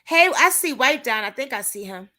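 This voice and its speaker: A livestream host and advocate, a woman with a high-pitched voice at a moderate pace, chats casually with her viewers and reacts to what she reads. She is animated and chatty, talking straight to them.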